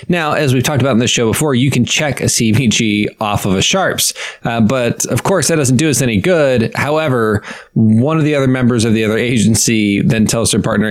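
A man's voice: medium pitch, a little fast. Exasperated man venting sarcastically. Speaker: podcast co-host. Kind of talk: casual chat.

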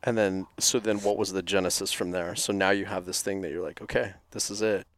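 A man's voice: deep voice, fairly even intonation, fairly quick. A man hosting a podcast, asking guiding follow-up questions in a casual tone. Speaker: podcast host.

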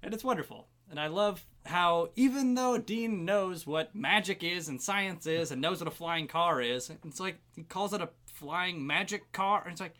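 A man's voice: high voice, normal speed, hardly any pauses, pushed and bright. A man co-hosting a podcast in casual chat, recapping scenes with enthusiasm. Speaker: podcast co-host.

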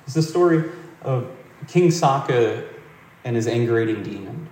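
A man giving a reflective meditation talk in a gentle, conversational way, telling a story as he goes. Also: medium pitch, lively intonation, moderate pace. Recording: roomy hall, distant mic.

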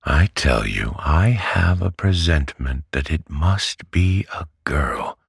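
A man putting on a domineering old aunt from a storybook, curt and commanding, raised higher than his deep voice, a gravelly, husky edge, dry close sound. She barks orders and brooks no contradiction. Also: very animated, slow, no echo, heavily acted. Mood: stern. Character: stern, brisk elderly aunt, domineering and abrupt.

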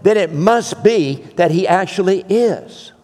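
A male pastor preaching a sermon, emphatic, with dramatic repetition and pauses. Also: sits high, a little mellow, long reverb tail.

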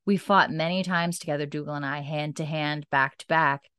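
A woman voicing a stern warrior man, reading his lines in a grave, measured, slightly lowered voice. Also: fairly even intonation, a bit bright, smooth, no room sound, studio quality.

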